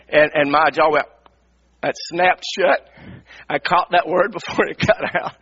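A middle-aged man, a pastor, telling a personal story in a sermon, animated and repeating himself as he acts out his frustration. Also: fairly high pitch, a little slow, breathy edge. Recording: dull lo-fi radio broadcast.

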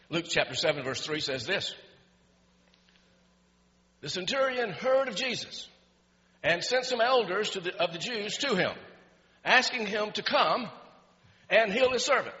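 Preacher guy, high bright voice, gets loud and laughy, big echoey church sound. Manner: animated preaching, rising to near-shouts with laughs. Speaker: pastor. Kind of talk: sermon. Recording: muffled sound with long hall reverb.

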